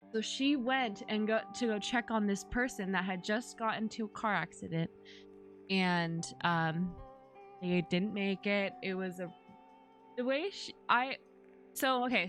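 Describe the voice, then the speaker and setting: A woman's voice: medium pitch, fairly bright tone. A young woman streamer chatting casually, rambling with many fillers and restarts as she tells a story. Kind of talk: casual chat while streaming.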